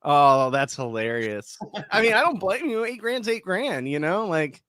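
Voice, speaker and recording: A man's voice: high voice, very animated, a little slow, a bit bright. A man hosting a casual livestream, reacting briefly and asking curious follow-up questions. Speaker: livestream host.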